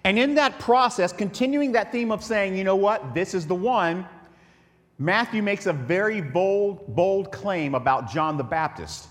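A man's voice: high voice, expressive, measured pace, long reverb tail. A man preaching a sermon as pastor, joking and conversational with his congregation.

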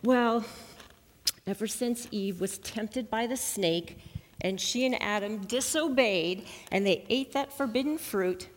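Woman leading a children's message; coaxing, question-asking, a bit high-pitched, with a reverberant sanctuary sound. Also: slow pace. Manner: lively, coaxing, encouraging, asks questions. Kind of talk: children's sermon with questions to kids. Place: church sanctuary.

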